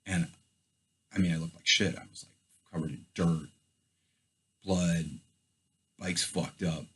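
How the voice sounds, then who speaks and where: A man's voice: low-pitched, slow pace, slightly rough. A man casually telling a first-person story in a loose, profane way, acting out his own past thoughts as he goes. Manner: loose, profane, animated retelling with quoted inner thoughts.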